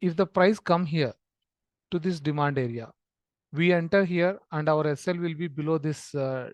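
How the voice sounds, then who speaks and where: A man walks through a trading chart as a screen-share lesson, explaining in a steady, filler-laden way. His voice sits a little high for a man and is recorded close and dry, with no room sound. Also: dry recording, highs cut off. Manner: explanatory, with frequent fillers and restarts. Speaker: trading educator.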